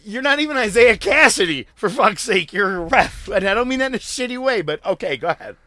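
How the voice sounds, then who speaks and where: A man's voice: high-pitched, fairly quick, no room sound, studio quality. A man co-hosting a casual wrestling podcast, talking animatedly with plenty of swearing. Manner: animated, profane, swings loud and quiet. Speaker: podcast co-host. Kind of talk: casual chat.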